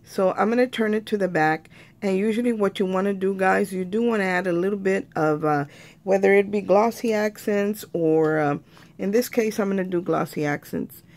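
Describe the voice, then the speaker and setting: Gravelly-voiced woman crafting tutorial. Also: mid-range voice, normal speed, a little mellow. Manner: chatty, keeps calling viewers "you guys".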